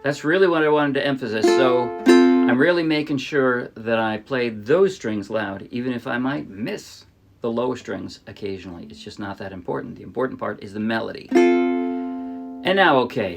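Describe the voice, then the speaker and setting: A middle-aged man from the New Jersey area teaching ukulele in a relaxed way, often restarting his sentences and singing short demo lines. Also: medium pitch, moderate pace, vocal fry, loud music behind the voice. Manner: relaxed, explains with restarts and sung demos. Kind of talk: casual music tutorial. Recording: ukulele playing behind.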